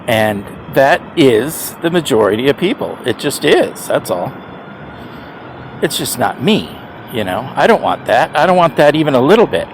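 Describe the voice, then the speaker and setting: A man's voice: medium pitch, sing-song, moderate pace, a little hiss or hum. A man over fifty rambling casually to camera, chuckling often and restarting his sentences with emphatic repeats. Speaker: e-bike rider vlogger.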